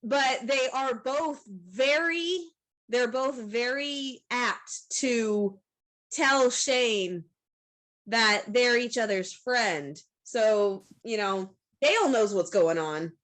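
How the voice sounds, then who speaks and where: Slow-talking, higher-voiced woman. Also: fairly bright tone. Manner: unhurried, halting, with frequent laughs. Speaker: podcast co-host or guest. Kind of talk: casual chat.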